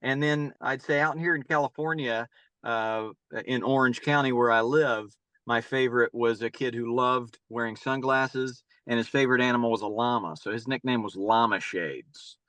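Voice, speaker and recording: Bright-voiced rambling middle-aged coach. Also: male voice, mid-range voice, moderate pace, no room sound. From North Carolina. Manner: rambling, repeats his words, gives long answers. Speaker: guest, youth baseball camp coach. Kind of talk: casual interview storytelling.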